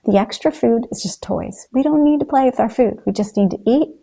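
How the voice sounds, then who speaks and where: A woman's voice: fairly high pitch, a little fast, vocal fry, mellow. A woman talking in a motivational vlog, earnest and encouraging as she addresses her viewers. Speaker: raw food vlogger.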